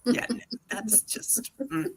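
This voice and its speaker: An American woman hosting a live online-selling Q&A in casual, animated chat, laughing often. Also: slow, a little hiss or hum.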